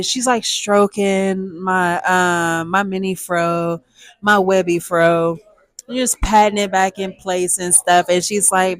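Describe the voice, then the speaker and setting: A young woman, telling a personal story to viewers in a lively, chatty way. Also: medium pitch, slow, no room sound. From Texas, USA. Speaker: storytime vlogger.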